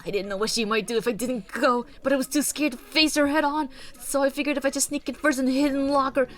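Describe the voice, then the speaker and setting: A woman's voice: high voice, fairly even intonation, quick pace, faint music behind, natural voice. A woman voicing a timid, gloomy young woman in a video game, reading her lines in a subdued, hesitant mumble. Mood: nervous.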